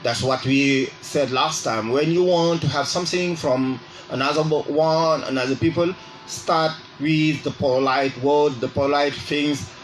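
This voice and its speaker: Slow, deliberate man teaching on radio. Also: a little high, steady tone, slight background noise, low-quality recording. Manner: slow and deliberate, repeats phrases to drill them; exaggerates rising intonation on example phrases. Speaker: radio English teacher and host. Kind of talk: radio language lesson. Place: radio studio.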